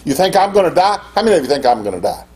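An older man preaching a sermon as pastor, in an impassioned style that climbs to high, emphatic peaks. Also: sing-song, racing, darkish tone.

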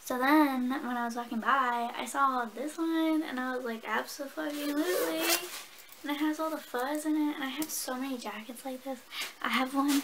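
A woman's voice: high voice, steady tone, normal speed, background noise. A young woman casually telling stories and chatting while doing her makeup, swearing and laughing often. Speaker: beauty vlogger. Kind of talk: casual get-ready-with-me chat.

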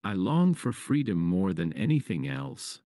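A majestic peacock in a storybook fable speaks thoughtfully and ruefully about his suffering, as a man puts him on. The voice is very low, with a wide pitch range and a dry, close sound. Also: very animated, measured pace, dark tone, no room sound, heavily acted.

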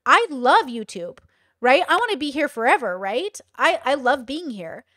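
High-voiced chatty woman commentator. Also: big pitch swings, normal speed, sharp tone, no room sound, clean studio sound. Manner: chatty, many 'like' fillers. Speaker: host. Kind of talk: casual commentary.

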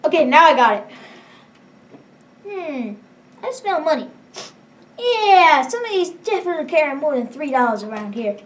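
A woman's voice: high-pitched, sing-song, moderate pace, pauses often, far from the mic. A woman giving casual commentary as she plays a video game, chatty and trailing off into mumbles. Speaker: let's play gamer.

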